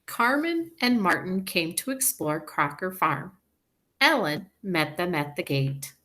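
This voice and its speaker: Slow, bright-voiced woman teacher. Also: fairly low pitch, sing-song. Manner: slow, clear and encouraging, sounding out words. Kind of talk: reading lesson for young children.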